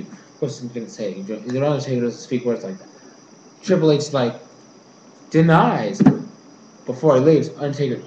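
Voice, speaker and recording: A man's voice: mid-range voice, big pitch swings, normal speed, darkish tone, dull audio. A young man casually recapping events and giving his predictions, retelling scenes and quoting characters in his own voice. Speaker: vlogger. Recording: echoey room, faint background noise.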